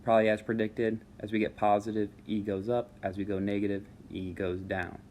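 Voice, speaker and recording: A man teaching a math lesson over a screen recording, walking students through each step in a relaxed way with frequent checks of "all right?". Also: on the low side, a little fast, a little hiss or hum.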